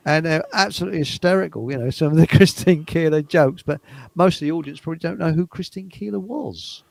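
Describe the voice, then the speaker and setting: A man hosting a casual chat, chatty and given to laughter, often pausing to search for names. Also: a little high, gravelly, no echo. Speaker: host.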